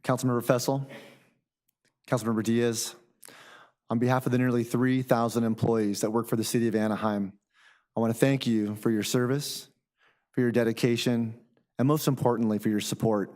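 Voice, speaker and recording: A man giving formal, measured prepared remarks as city manager at a council meeting. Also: mid-range voice, flat delivery, a little mellow.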